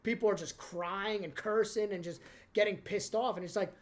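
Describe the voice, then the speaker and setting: A man's voice: high-pitched, fairly even intonation, moderate pace. A young man, a stand-up comic guesting on a podcast, rambling casually with lots of fillers. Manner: rambling, filler-heavy, lots of "like" and "you know".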